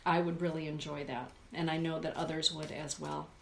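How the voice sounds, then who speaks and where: A woman's voice: sits low, level tone, fairly quick, creaky, reverberant, slight background noise. A woman hosting a live stream, reading oracle cards and reflecting aloud as she addresses her chat viewers by name. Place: indoor room with a forest view.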